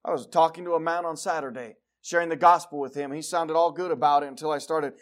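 A male preacher giving a sermon, reading scripture and moving from loud declarations to quiet asides. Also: fairly high pitch, fairly even intonation, fast. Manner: reads scripture aloud in King James wording.

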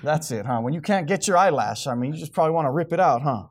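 A man preaching a sermon to his congregation, swinging from quiet, low remarks to loud, high outbursts. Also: lively intonation, fast talker. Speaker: pastor.

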